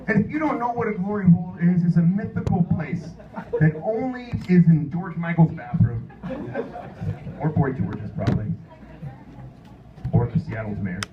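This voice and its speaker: A man's voice: high-pitched, highs cut off. A middle-aged man doing a crude, self-mocking stand-up comedy set in a bar, acting out voices. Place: bar or club stage. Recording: echoey room, mic far off, noisy.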